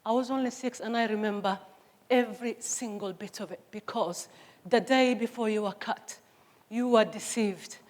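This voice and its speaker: A woman's voice: fairly high pitch, normal speed, a little mellow. Impassioned middle-aged woman from Somalia. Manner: impassioned, emphatic. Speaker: speaker. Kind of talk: personal testimony talk. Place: stage before an audience.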